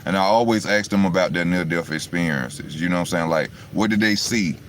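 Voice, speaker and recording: A male vlogger speaks casually to his viewers through a phone that is charging, loosely retelling a story and often asking "you know what I'm saying." His voice is low-pitched and brisk, with a little hiss or hum in the recording.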